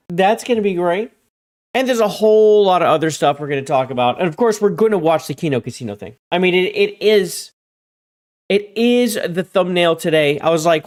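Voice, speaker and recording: A man hosting a casual gaming livestream, rambling and repeating himself, and jumping up in pitch and volume whenever he greets people in chat. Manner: jumps high and loud when greeting chat. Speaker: livestream host.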